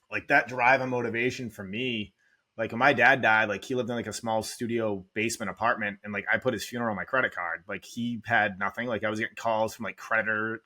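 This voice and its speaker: Bright-voiced man, emotional rambling storyteller. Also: medium pitch. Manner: rambling, heavy "like" filler, emotional. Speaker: real estate investor guest. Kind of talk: candid podcast storytelling.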